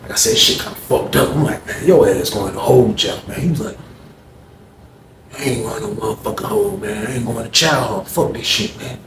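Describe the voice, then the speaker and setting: A man animatedly telling a story, acting out other people's voices in loud, high bursts. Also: lively intonation, a little fast. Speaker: storyteller recounting jail events. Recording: echoey room with faint background noise.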